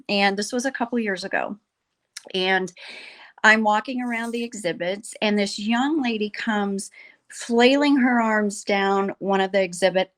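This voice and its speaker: A woman guest in a podcast conversation, telling a story in an earnest, animated way and quoting the people in it. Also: medium pitch. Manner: earnest, animated storyteller who quotes others.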